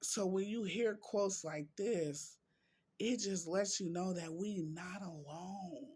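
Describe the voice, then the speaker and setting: A man vlogging in an emotional, heartfelt way, reading quotes and talking slowly with drawn-out words. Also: high-pitched, darkish tone, slightly rough. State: emotional, near tears.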